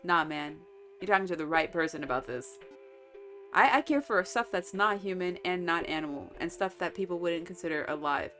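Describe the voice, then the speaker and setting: A woman's voice: lowish voice, expressive, a little fast, a bit bright, faint music behind. A woman streaming a visual novel, reading the game text aloud and chatting about it with lots of giggles. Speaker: let's-play streamer.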